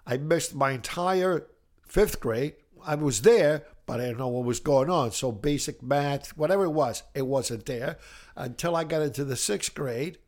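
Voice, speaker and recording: Older Italian-accented man, animated storyteller. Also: a little high, normal speed. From Italy. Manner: animated, rambling, full of restarts and laughter. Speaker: music educator, podcast guest. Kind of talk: casual interview storytelling.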